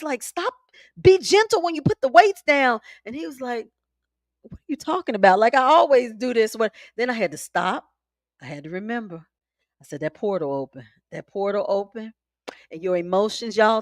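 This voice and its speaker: A woman hosting a spiritual live stream from home, talking in a chatty, animated and emphatic way with folksy asides. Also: mid-range voice, no echo. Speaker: spiritual content creator, live host. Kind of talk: casual live-stream talk.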